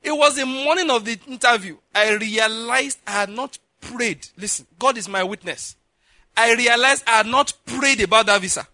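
A preacher from Nigeria tells a story from the pulpit, acting out each character's lines. His voice sits high and bright, and it swings widely in pitch. The sound is dry and close, with almost no room in it. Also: normal speed, no room sound. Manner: animated storyteller, acts out dialogue, laughs often. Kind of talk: sermon storytelling.

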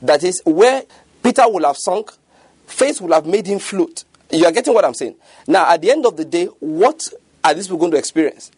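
Husky preacher, emphatic. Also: male voice, high voice, lively intonation, normal speed, a little mellow, dry recording. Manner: emphatic, keeps asking if listeners follow. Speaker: pastor. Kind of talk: sermon.

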